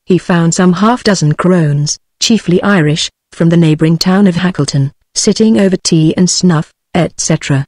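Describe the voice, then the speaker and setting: A synthetic audiobook voice reads the story in a steady, middle-pitched tone. The sound is close and dry, with no room around it. Its delivery is even and machine-made throughout. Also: no room sound. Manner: even synthetic text-to-speech reading. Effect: text-to-speech voice. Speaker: audiobook narrator. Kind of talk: scripted narration.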